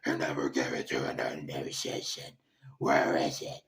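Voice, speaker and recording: A man doing an impression of a gruff male caped vigilante, speaking in a low gravelly growl. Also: steady tone, normal speed, a bit bright, distant mic, heavily acted.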